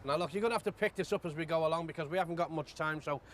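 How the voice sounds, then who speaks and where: An actor playing a hapless, blustering middle-aged football manager who gives gruff, blunt pep talks. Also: male voice, fairly high pitch, racing, noisy background, natural voice. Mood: rallying. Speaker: national football team manager. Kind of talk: film acting.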